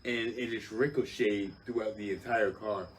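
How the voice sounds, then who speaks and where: A low-voiced man tells a story in loose, profane chat. He is lively and acts out the other people in it. He sits a little back from the mic, with a faint hiss underneath. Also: moderate pace, far from the mic. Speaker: podcast guest, older brother. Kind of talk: casual storytelling.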